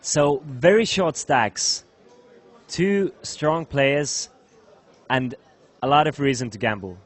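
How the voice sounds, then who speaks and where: A man's voice: medium pitch, slow pace. A man doing live poker tournament commentary, friendly and prompting his co-host with questions.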